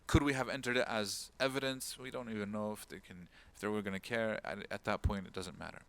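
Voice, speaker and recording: Fairly low in pitch and fairly quick, this man's voice keeps a fairly even intonation. He's an imam giving a relaxed religious lecture in talk style, recounting a story whose people he acts out with a raised voice while slipping in Arabic words and phrases.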